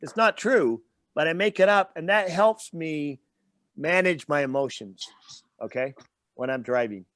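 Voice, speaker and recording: Male guest trainer, a fairly high voice, dry close sound, explains in plain everyday examples. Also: unhurried, fairly bright tone, dry recording. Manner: explains with everyday examples and stops to check in with "okay?". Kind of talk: interview explanation.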